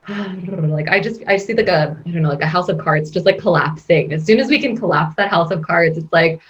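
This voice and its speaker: Expressive lower-voiced woman coach, lo-fi. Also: fairly quick. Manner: expressive, rambling with many "like" fillers, laughs often. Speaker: guest business coach. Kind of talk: casual podcast interview.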